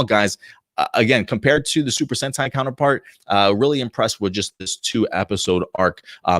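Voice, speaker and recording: Upbeat, low-voiced male reviewer. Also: fairly bright tone, no echo. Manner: enthusiastic, rambling, heavy on fillers and restarts. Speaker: host reviewing episodes and comics. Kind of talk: casual video review.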